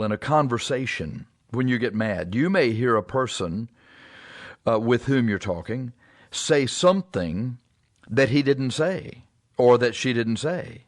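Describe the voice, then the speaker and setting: A man preaching a sermon in a plain, conversational way, pausing and repeating himself as he works through his points. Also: medium pitch, dry recording, studio quality. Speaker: pastor.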